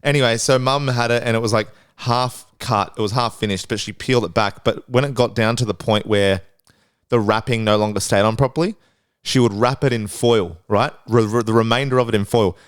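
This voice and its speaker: A man co-hosting a podcast, casually telling a story with swearing and getting excited as it builds. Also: fairly quick, clear, resonant tone, dry recording, clean studio sound. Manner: animated storyteller, swearing, rising pitch when excited. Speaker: podcast co-host. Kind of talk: casual chat.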